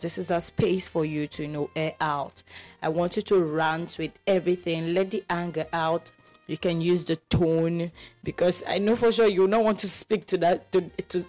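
A woman co-hosting a radio show in a low-pitched voice. She talks in a lively, animated way with quick banter. Soft music plays faintly behind her. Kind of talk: casual radio chat.

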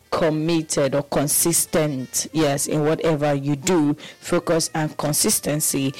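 A woman's voice: low voice, rough recording. A Nigerian woman co-hosting a radio show, chatting casually and slipping into Pidgin. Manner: relaxed, Pidgin-sprinkled banter. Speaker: radio co-host.

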